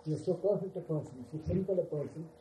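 Mellow older man telling a story. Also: fairly high pitch, slight background noise, poor audio. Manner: unhurried, repeats "you see" often. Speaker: storyteller recalling his teacher. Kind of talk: reminiscing talk to a gathering.

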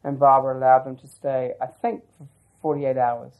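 Over phone-quality sound, a man with a mid-range voice speaks flatly at a normal speed. He gives a long, reflective oral history of his life, rambling and frequently restarting or wandering into asides.

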